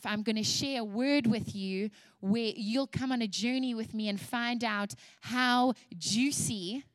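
A woman's voice: a little high, no room sound. Emphatic woman preaching a sermon. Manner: passionate, emphatic preaching with repetition. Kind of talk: sermon to women.

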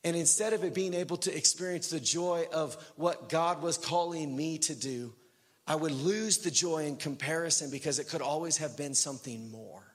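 A young man preaching a sermon in a casual way, telling a personal story, full of fillers, swinging from loud bursts to hushed, quiet lines. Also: a little high, normal speed. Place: church hall. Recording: long hall reverb.

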